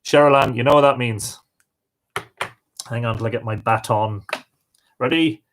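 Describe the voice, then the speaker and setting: A man's voice: medium pitch, normal speed, fairly bright tone, a little hiss or hum. A man with an Irish accent hosting a live stream from home, cheerfully greeting viewers by name. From Ireland. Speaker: host.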